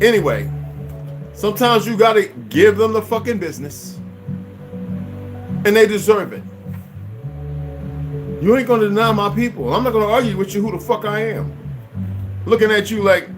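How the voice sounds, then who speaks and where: Angry profane man ranting loudly. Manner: angry, profane, swings loud and high. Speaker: channel host. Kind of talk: profane rant to camera.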